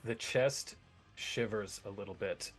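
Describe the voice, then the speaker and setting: A man with a husky, slightly breathy voice runs a tabletop game as game master. He talks casually, stumbles over his setup and swears when flustered. Faint music plays behind him. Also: on the low side, measured pace. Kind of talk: running a tabletop game online.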